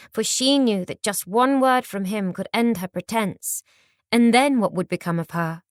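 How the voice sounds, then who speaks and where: Calm female audiobook narrator, measured and steady, dry close sound. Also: mid-range voice, dry recording.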